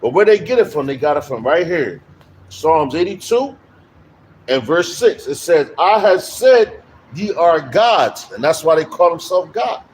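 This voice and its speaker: Fiery high-voiced street preacher. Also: male voice, very animated, moderate pace, slight background noise, rough recording. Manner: emphatic, repetitive, loud bursts. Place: outdoors on a street.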